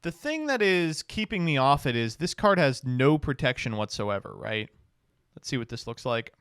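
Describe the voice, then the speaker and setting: A streamer reading card text aloud in a casual review, stopping for blunt, swearing reactions. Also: male voice, medium pitch, sing-song, moderate pace, a bit bright, clean tone, no room sound, clean studio sound.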